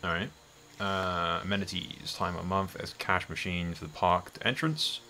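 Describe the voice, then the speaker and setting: A man hosts casual let's-play commentary and thinks aloud as he builds, swearing freely along the way. His voice sits fairly low but has a bright, forward edge. A faint hiss sits underneath. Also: steady tone, unhurried. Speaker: gameplay host.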